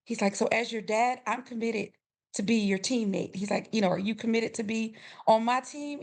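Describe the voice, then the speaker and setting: A middle-aged woman guest on a podcast, telling a family story with lively quoted voices and frequent laughter. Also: a little high, normal speed, vocal fry. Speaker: podcast guest, grief coach. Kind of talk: storytelling in a conversational interview.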